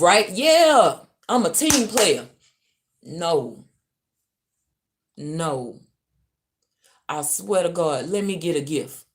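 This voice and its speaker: Brief: Louisiana woman, spiritual reader venting on a live stream, deep, slow, cussing, drops to mutters then flares up. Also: animated. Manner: profane, venting, swings from muttering to loud. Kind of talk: ranting livestream. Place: hotel room.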